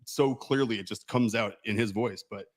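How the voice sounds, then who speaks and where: A man's voice: lowish voice, moderate pace. A man co-hosting a casual chat, telling wry anecdotes. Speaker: co-owner and co-host.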